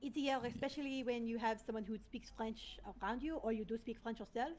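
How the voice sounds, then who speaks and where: Brief: young woman podcast guest, slightly high voice, relaxed and giggly. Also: fairly quick. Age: young adult. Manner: easygoing, giggly, hedging with likes and ums. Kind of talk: casual podcast chat.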